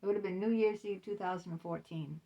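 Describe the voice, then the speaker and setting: A woman tells a candid personal story straight to camera in a casual vlog. Her voice is gravelly with plenty of vocal fry and sits at a middle pitch. She is chatty and laughs between lines. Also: fairly even intonation, fast talker, mellow, distant mic, muffled recording. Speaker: author and vlogger.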